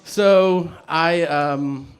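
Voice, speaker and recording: A man telling a stand-up story in an animated, profane way, laughing through it. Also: fairly high pitch, drawn-out words. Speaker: stand-up comedian.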